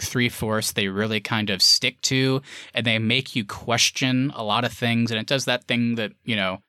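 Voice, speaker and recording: A male podcast co-host reviews a film in loose, wordy conversation, his mid-range voice bright and forceful and studded with fillers. The recording is dry and clean, studio quality.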